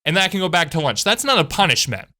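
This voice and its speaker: Animated woman telling a school story. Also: lowish voice, fast. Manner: animated, chatty storytelling with asides. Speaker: channel host. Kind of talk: storytime vlog.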